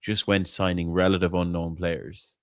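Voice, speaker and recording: Deep-voiced, blunt man. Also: little pitch movement, normal speed, no echo, studio quality. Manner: blunt, opinionated, swears freely, stumbles and repeats words. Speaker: podcast host. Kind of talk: casual football fan chat.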